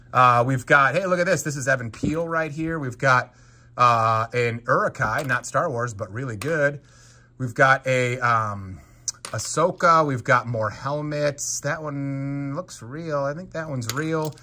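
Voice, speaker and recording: A man giving casual unboxing commentary as a Lego collector, excitable and exclaiming at each find. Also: medium pitch. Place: home basement.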